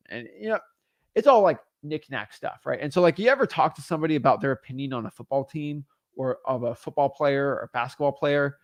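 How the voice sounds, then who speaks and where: Young guy coaching real estate deals, super lively up-and-down voice, kinda exasperated, dry close mic. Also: mid-range voice, dry recording. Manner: animated, exasperated, acts out sellers and attorneys in quick asides. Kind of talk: casual teaching monologue.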